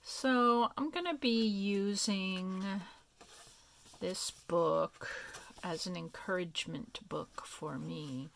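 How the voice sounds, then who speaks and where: Slow, gravelly-voiced woman showing crafts. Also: on the low side. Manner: soft, meandering, thinking aloud with many fillers. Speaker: craft vlogger. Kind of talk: casual crafting show-and-tell.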